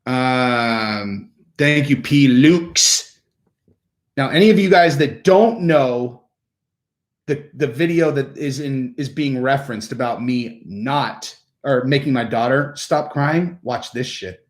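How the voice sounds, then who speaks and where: A man hosts a relaxed livestream in an everyday, mid-pitched voice. He rambles from thought to thought, leans on fillers like "like" and "I mean," and restarts his sentences often. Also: slow pace. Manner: rambling, filler-heavy talk with frequent "like" and restarts. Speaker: livestream host. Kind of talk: casual livestream chat.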